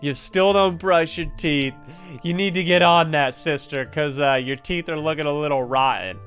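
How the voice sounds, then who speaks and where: An excitable young man narrating a scary game as he plays, his voice sitting a little high. He jokes, reacts loudly and keeps the commentary rolling, with soft music underneath. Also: moderate pace. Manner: excitable, jokey, exclaims often. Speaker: gaming video host.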